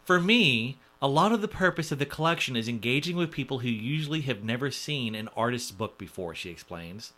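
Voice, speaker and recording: A man's voice: mid-range voice, a little fast, hardly any pauses. A man hosting a casual podcast, telling stories and reading out news items. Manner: animated, reads headlines aloud. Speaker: podcast host.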